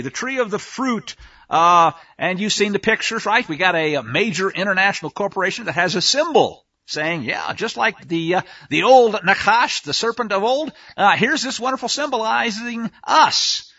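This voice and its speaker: A man's voice: high-pitched, animated, moderate pace, sharp tone, slightly rough, highs cut off. A man preaching a sermon on scripture, emphatic, often asking the listeners rhetorical questions. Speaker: Bible teacher.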